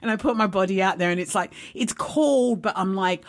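Female host, casual live storyteller, rambling and excitable, average pitch. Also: a little fast. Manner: rambling and excitable, often adds "right?".

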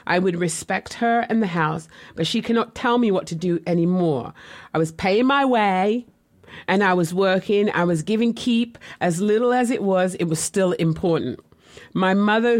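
A woman telling her own life story in a candid, reflective, conversational way, as an author looking back on her childhood. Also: mid-range voice. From West Indian family. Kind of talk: personal memoir storytelling.

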